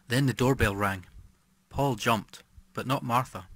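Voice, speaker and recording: A man narrating a short horror story for an audiobook, in a measured, even reading. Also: medium pitch, no echo.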